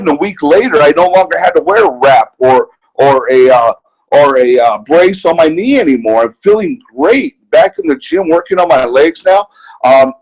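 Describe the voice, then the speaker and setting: A middle-aged man tells his story with earnest, rallying conviction, as if urging a group on. His voice sits a little high and comes out husky. He sounds heartfelt rather than polished. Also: a little mellow, poor audio. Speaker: guest speaker on a conference call. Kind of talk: motivational testimony.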